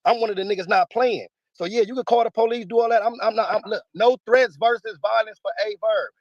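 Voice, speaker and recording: A man's voice: high-pitched, fairly even intonation, fast, no room sound, muffled recording. A man speaking in a heated interview, combative, emphatic and profane. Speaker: battle rapper interviewee.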